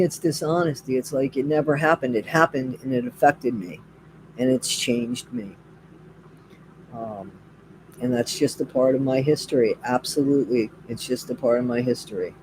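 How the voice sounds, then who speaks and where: A man's voice: mid-range voice, a little mellow, slight background noise. A middle-aged man chatting casually with viewers on a live stream, greeting them by name and repeating his phrases.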